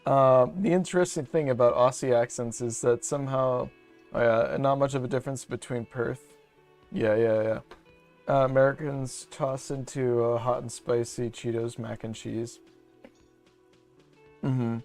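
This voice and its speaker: A man's voice: medium pitch, steady tone, a little slow, a little mellow, faint music behind. A young man from Canada, rambling profanely through casual gaming commentary. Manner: rambling, profane, jokey asides. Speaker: streamer.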